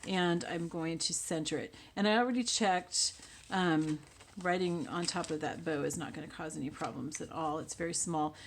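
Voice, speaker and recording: A woman hosting a casual crafting tutorial, chatting and thinking aloud as she works, often dropping to quiet mutters. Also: low-pitched, moderate pace, a little hiss or hum.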